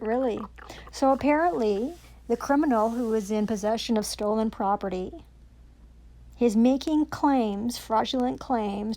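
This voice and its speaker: A woman's voice: a little high, dark tone. A woman, ranting angrily and profanely into her own recording, sarcastic and accusing. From Canada. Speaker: self-recording vlogger. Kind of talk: angry rant to camera.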